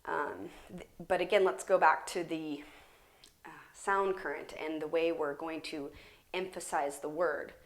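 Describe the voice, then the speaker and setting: Casual, low-voiced woman teaching yoga. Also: a little slow. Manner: relaxed, casual explaining with many fillers. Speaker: yoga instructor. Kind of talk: guided yoga class instruction. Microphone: camera mic.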